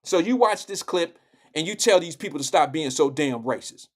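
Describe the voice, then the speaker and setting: Man, live show host, high voice, blunt, profane, heated commentary. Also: lively intonation, moderate pace. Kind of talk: political commentary.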